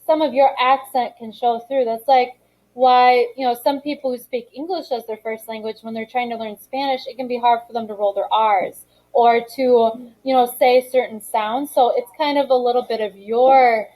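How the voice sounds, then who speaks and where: A woman's voice: a little high, steady tone, normal speed, darkish tone, rough recording. A woman teaching a social studies lesson in a classroom, reading from a textbook and talking it through with students in a conversational, encouraging way. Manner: conversational and encouraging, calls on students, frequent fillers. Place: school classroom.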